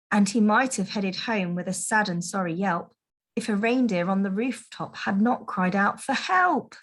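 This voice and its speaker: A woman teacher reading a Christmas picture book aloud to children, in a gentle, expressive storytelling manner. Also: medium pitch, unhurried. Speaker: primary school teacher.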